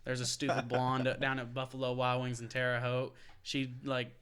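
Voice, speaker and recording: A man's voice: mid-range voice, completely flat delivery, moderate pace, fairly bright tone, clean tone. A young man, co-hosting a casual sports podcast, ranting with lots of swearing and laughter. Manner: profane, ranting, laughs often. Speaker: podcast co-host.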